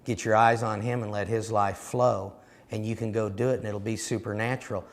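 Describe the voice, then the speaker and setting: A man delivers a storytelling sermon in a low, gravelly voice. He is emphatic and direct, like a seminar teacher speaking plainly to his listeners. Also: fairly even intonation, a little fast. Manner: recounts dialogue, emphatic and direct.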